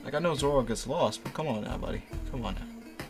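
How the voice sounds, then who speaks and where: A man's voice: mid-range voice, brisk, over music. Young man mocking a fanfic read-aloud. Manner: sarcastic, swearing, laughing often. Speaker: host.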